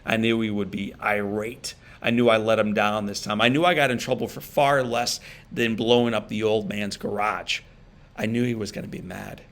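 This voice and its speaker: Gravelly-voiced man giving an inspirational speech. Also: on the low side, fairly bright tone. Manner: emotional storytelling, pauses and repeats for emphasis. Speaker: motivational speaker. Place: virtual event stream.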